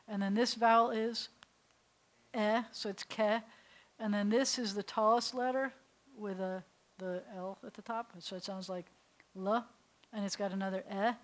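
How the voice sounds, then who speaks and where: An American woman rabbi leads a beginners' class, patiently sounding out each letter and syllable. Her voice sits at an ordinary pitch. She slips in light, joking asides between explanations. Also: poor audio. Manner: playful asides. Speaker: rabbi teaching beginning Hebrew. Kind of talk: classroom lesson. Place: synagogue classroom.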